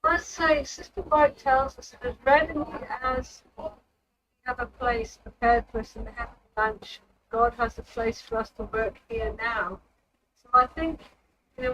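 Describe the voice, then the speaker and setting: A woman's voice: fairly high pitch, fairly bright tone, lo-fi sound. A woman presenter giving earnest, encouraging closing remarks on a church panel.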